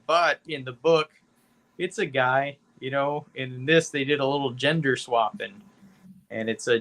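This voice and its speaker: Man, podcast co-host, casual movie review chat, bright tense tone, rambling, swears casually, fillers like "you know". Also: medium pitch. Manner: rambling, laid-back, profane, heavy with "you know".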